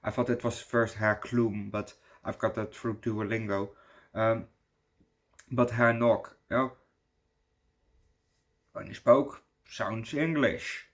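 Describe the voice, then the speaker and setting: A man's voice: on the low side, steady tone, slow pace, long pauses, a bit bright. A young man from the Netherlands with a Dutch accent, ranting casually in a movie review, swearing and saying "yo" a lot. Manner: rambling, swears a lot, says "yo" often.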